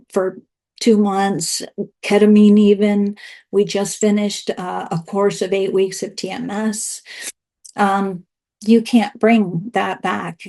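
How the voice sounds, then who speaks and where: A woman's voice: mid-range voice, darkish tone. Woman giving candid, emotional testimony. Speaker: speaker at an online event. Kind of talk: personal testimony. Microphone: video call.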